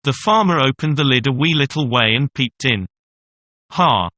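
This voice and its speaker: A man narrating a fairy tale in a measured, even storytelling manner. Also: mid-range voice.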